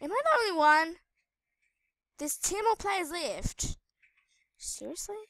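A woman giving live gameplay commentary on her gaming channel, excitable, squealing and shrieking at danger, with chatty asides to viewers. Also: very high voice, takes it slowly, dry recording.

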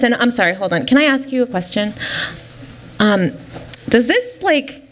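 A woman's voice: on the high side, animated, normal speed, long pauses. A woman on stage reading a comic fairy tale in a giggly, apologetic princess persona. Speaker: storytelling contestant.

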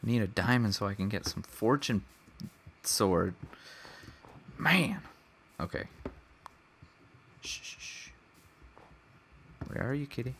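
A man's voice: lowish voice, expressive, takes it slowly, long pauses, fairly bright tone, a little hiss or hum. A man giving casual let's play commentary, chatting to the animals in his game with mock-angry outbursts. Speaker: gamer.

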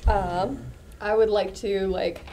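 A woman's voice: mid-range voice, fairly even intonation, slow. Hesitant woman player, noisy line. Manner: hesitant, with many "like" fillers. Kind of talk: casual tabletop play.

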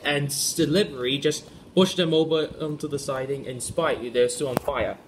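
A man narrating a home-made toy-train story, halting and restarting often as he reads. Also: fairly high pitch, background noise. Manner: halting, frequent restarts and stumbles. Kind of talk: amateur storytelling.

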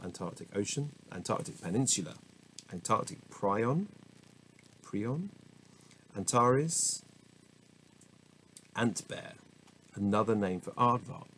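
Low-voiced man stumbling through words. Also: a bit bright, slight background noise, rough recording. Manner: stumbles over hard words, self-corrects, laughs at himself. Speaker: host reading the dictionary aloud. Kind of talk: casual unscripted reading with asides. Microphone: small camera mic.

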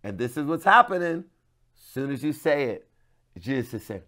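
A middle-aged male pastor delivers a devotional sermon straight to the viewer. His mid-range voice drops to near whispers for emphasis, then climbs into loud, pleading cries. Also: medium pitch, expressive, normal speed. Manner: passionate, swings from hushed to loud cries when quoting.

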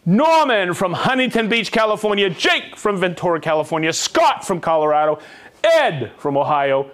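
Lively high-voiced man hosting a live show. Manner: upbeat, jokey, reads viewer names and places quickly. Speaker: host of a live tool show. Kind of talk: live-stream shout-outs to viewers.

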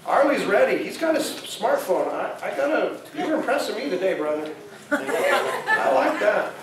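A man's voice: very high-pitched, very animated, measured pace, a loud crowd. A man preaching a sermon as pastor, talking conversationally and asking the congregation questions. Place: church sanctuary. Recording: echoey church hall, mic at a distance.

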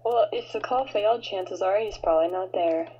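A woman's voice: mid-range voice, normal speed, muffled recording, a little hiss or hum. A woman guest on an online radio show, blunt and teasing, swearing in casual banter.

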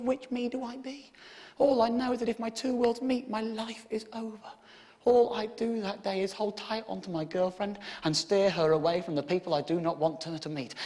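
A man in his thirties from England doing stand-up in a theatre, telling a story and shouting and swearing at the audience. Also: sits high. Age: 30s. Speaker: stand-up comedian. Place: theatre stage with a live audience. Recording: live theatre recording with audience and background noise.

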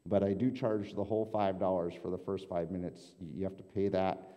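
A man's voice: sits low, steady tone, a little fast, highs cut off, natural voice. A pastor playing a blunt, impatient male counselor who keeps cutting people off, in a church sanctuary. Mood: brusque. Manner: curt, repeating. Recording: long church hall reverb.

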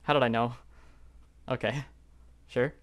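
A young man talks through a geography guessing game at his desk mic, his voice sitting at an ordinary middle pitch. He rambles and second-guesses himself, trailing into fillers as he thinks aloud. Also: fairly even intonation, measured pace. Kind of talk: live gameplay commentary.

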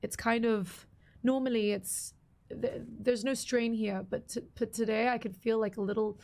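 A woman's voice: a little high, steady tone, normal speed, vocal fry, darkish tone. A young woman streaming a game live, chatting casually with viewers and greeting them by name while her voice is partly lost and slightly strained.

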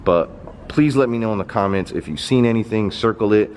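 A young man hosting an exploring vlog in an abandoned theater, talking casually and getting excited. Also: fairly quick, slight background noise. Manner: excitable, jumps up in pitch when surprised. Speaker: vlogger host. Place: abandoned indoor movie theater.

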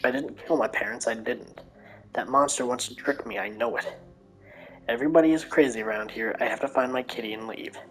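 A woman's voice: extremely low pitch, animated, brisk, vocal fry, faint music behind, full character voice. A woman voicing a frightened young girl who speaks in an anxious, pleading manner.

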